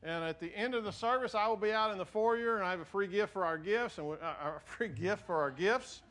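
A male pastor speaks to his church congregation in a folksy, joking, conversational way. His voice sits high for a man, and he talks in loose phrases full of fillers. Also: a little fast, fairly bright tone. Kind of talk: sermon. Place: church sanctuary.

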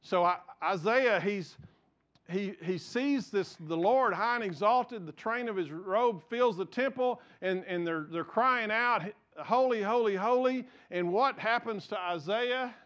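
A man's voice: high-pitched, unhurried, fairly bright tone, dull audio. A man, a pastor in his forties, preaching a sermon earnestly and often repeating words as he builds his points.

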